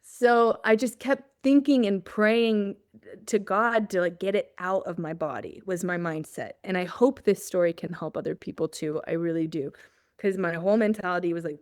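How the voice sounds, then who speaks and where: A woman's voice: lowish voice, fairly even intonation, moderate pace, dry recording, clean studio sound. A woman guest on an interview show, telling a personal story in a casual way, often laughing and acting out her own thoughts. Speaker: guest, journalist.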